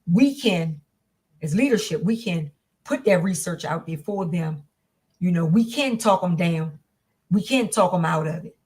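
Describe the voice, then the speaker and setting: Earnest woman teaching a class. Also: fairly low pitch. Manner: earnest, repetitive, conversational with fillers. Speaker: domestic violence educator.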